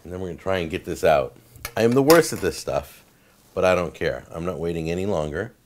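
Low-voiced man gushing over food. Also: a little fast, slight background noise. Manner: stammers and repeats words when excited. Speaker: cooking show host. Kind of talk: casual cooking demonstration talk.

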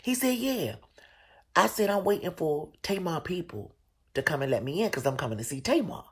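Brief: DC-male host, husky, gravelly storyteller with big swings in pitch. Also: normal speed. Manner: animated, profane storytelling with loud, high bursts. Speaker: show host. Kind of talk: casual storytelling.

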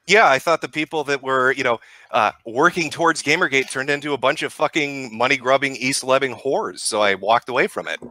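A man's voice: medium pitch, brisk, pushed and bright, dry recording. A man hosting a live-stream debate, combative and mocking, swearing freely as he presses his guest.

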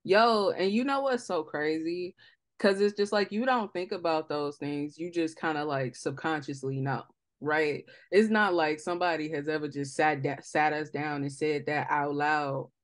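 A woman's voice: low voice, normal speed, no echo. A young woman hosting a podcast in casual chat, telling stories bluntly with lots of slang. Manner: blunt, slangy, emphatic storytelling. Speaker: podcast host.

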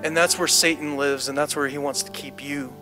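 A man's voice: fairly high pitch, steady tone, a little fast. A man preaching a sermon and then praying, impassioned and repetitive, building to declarations. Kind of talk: sermon with closing prayer. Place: church service. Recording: music underneath. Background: music playing under the preaching.

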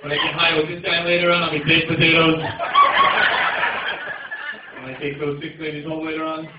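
A man doing brash, teasing stand-up crowd work, swearing and jumping into shouted punchlines. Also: a little high, monotone, brisk, recorded from a distance, very noisy. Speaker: stand-up comedian. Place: comedy club with a loud audience. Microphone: phone camera in the audience, far from the stage. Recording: dull, echoey phone clip from afar, loud crowd.

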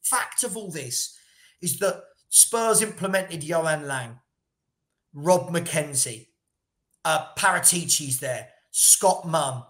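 A man's voice: a little high, expressive, slow pace, fairly bright tone, reverberant. A man co-hosting a casual football debate, blunt and passionate, repeating himself when heated. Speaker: football podcast co-host.

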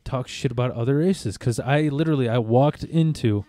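A man's voice: mid-range voice, moderate pace, dark tone, no echo. A man hosting a podcast, telling stories in a rambling, swearing, laughing way. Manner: rambling storyteller, swears a lot, laughs often. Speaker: podcast host. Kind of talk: casual chat.

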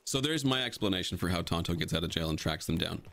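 Man, deep low voice, casual commentary, blunt, swears freely. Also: expressive, fast talker, a bit bright. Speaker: video creator explaining his fan edit of a film.

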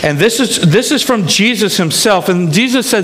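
A man's voice: high-pitched, animated, moderate pace, few pauses, a bit bright. A man preaching a sermon as pastor, emphatic and often checking in with the congregation. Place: church sanctuary. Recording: long hall reverb in a church.

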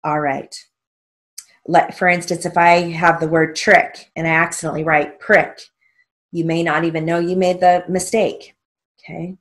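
A woman's voice: lowish voice, flat delivery, normal speed. A woman teaching a steno theory lesson, patiently spelling out strokes letter by letter. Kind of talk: recorded lesson.

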